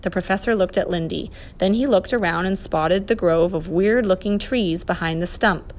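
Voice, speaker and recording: A woman reading a children's adventure story aloud, expressive and lively. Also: lowish voice, normal speed, a little hiss or hum. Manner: expressive, voices the characters. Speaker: narrator.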